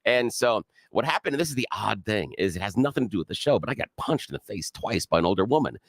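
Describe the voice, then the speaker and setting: An American man co-hosting a radio talk show, telling a story in a lively, animated way with laughs. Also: lowish voice, fast, dry recording, clean studio sound.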